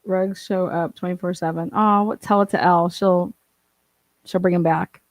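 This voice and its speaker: A woman's voice: lowish voice, steady tone, normal speed, no echo. A woman hosting a casual livestream, chatting and reading out viewer comments, swearing and laughing often. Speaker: livestream host reading chat.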